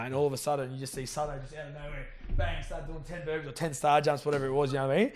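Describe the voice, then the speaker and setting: Man, quick rambling storyteller, swears a lot, mid-pitched voice. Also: level tone, a little hiss or hum. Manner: rambling storyteller, swears freely, acts out quotes. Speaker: guest, rugby league player. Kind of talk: casual chat.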